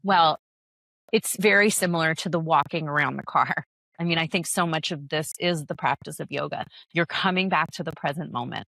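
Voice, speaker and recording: A woman's voice: low voice, normal speed, vocal fry, fairly bright tone, dry recording. A woman guest on a podcast, talking candidly about parenting as a yoga teacher, laughing often and restarting her sentences. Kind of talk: conversational podcast interview.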